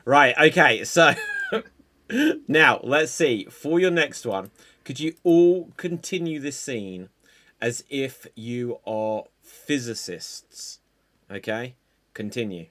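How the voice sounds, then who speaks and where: Male improv host on a video call, slow and dry delivery, mid-pitched voice. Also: lively intonation, fairly bright tone. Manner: unhurried, dry, calls out game prompts. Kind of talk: hosting online improv games.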